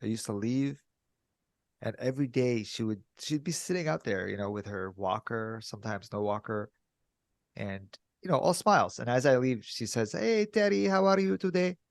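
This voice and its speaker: Animated storytelling man, dry close sound. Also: moderate pace, no echo. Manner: animated storyteller, mimics cheerful greetings in a higher voice. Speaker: podcast co-host. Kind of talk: candid casual chat.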